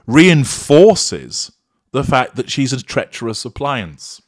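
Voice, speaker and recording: A man narrating a clinical, measured analysis of a recorded argument, naming each tactic as he goes. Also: medium pitch, big pitch swings. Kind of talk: analytical voice-over commentary.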